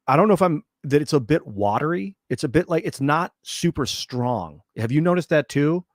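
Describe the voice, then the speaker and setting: A man's voice: a little high, animated, moderate pace, hardly any pauses, no echo, studio quality. Rambling, reflective male streamer. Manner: rambling, reflective, reads chat aloud. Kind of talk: casual chat while livestreaming a game.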